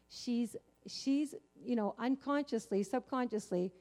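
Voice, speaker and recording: A woman's voice: on the high side, moderate pace, few pauses, mellow. A woman giving a Christian teaching, telling her own story in an earnest, candid way with frequent fillers. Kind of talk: personal testimony in a faith teaching.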